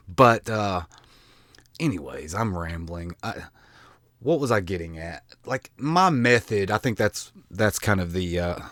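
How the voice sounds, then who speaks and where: A man's voice: low-pitched, a bit bright, no room sound, studio quality. A man from the American South with a Southern accent, chatting casually to camera in a rambling, self-deprecating way with many restarts. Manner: colloquial with mild swearing. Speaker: vlogger.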